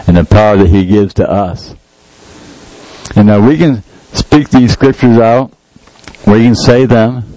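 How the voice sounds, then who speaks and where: A man's voice: lowish voice, mellow, dry recording, low-quality recording. Folksy joking preacher man. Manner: folksy, jokey, laughs at himself, quotes scripture. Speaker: lay preacher. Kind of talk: informal sermon with humor.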